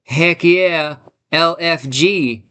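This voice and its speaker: A man's voice: a little high, drawn-out words, bright, forceful tone, smooth. A man hosting a live stream from his home studio, hyped and greeting chat viewers one by one. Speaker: livestream host.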